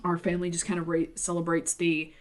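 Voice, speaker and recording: A woman's voice: lowish voice, monotone, fast talker. A woman co-hosting a podcast in casual chat, rambling through anecdotes and swearing freely, recorded in a half-unpacked apartment. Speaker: podcast co-host.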